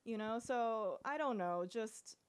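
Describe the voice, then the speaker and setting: A woman chatting casually as a podcast co-host, reflective and quick to laugh. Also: fairly high pitch, smooth. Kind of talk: casual chat.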